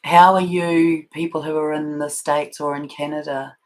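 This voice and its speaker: A woman hosting a spiritual livestream, talking in a soft, meandering way with many fillers and restarts and reading out viewer comments. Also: low-pitched, little pitch movement, normal speed, rough recording. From New Zealand. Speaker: spiritual channel host.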